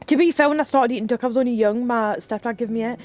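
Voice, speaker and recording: A woman's voice: fairly high pitch, fast, a little mellow. A woman streaming live, telling rambling stories in casual chat while she plays a game and swearing freely. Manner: chatty, rambling storyteller who swears freely.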